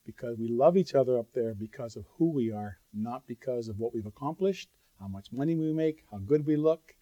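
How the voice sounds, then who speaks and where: This preacher talks a little fast in a dark, expressive mid-range voice, recorded dry and somewhat dull. He delivers his sermon earnestly and conversationally, addressing listeners straight on, throwing in asides and sudden emphatic bursts.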